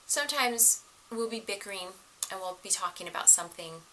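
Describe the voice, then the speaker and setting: A middle-aged woman giving casual relationship advice to the camera, animated and laughing often as she acts out the voices of others. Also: mid-range voice, a little fast, a little hiss or hum, poor audio.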